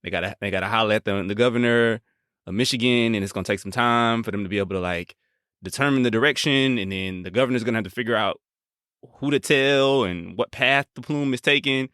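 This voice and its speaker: A man's voice: mid-range voice, fast talker, a bit bright, clean tone, no echo, clean studio sound. A man co-hosting a casual podcast, laid-back and joking, talking in slang. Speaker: podcast co-host.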